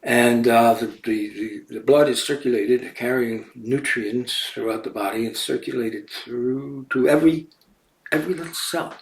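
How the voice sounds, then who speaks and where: A man talks in a loose, meandering way, restarting phrases as he works through his ideas. His voice sits at an ordinary middle pitch and sounds set back from the mic in a roomy space. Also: steady tone, a little slow, few pauses, recorded from a distance. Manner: meandering, self-correcting. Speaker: host. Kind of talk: casual talk to camera.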